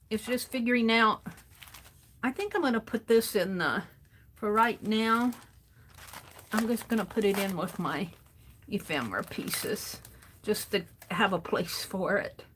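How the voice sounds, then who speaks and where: Woman host, unhurried and chatty, talking to herself and viewers at her craft desk; faint background noise. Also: medium pitch, a bit bright. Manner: chatty, thinks aloud, greets viewers. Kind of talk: casual chat while sorting craft supplies.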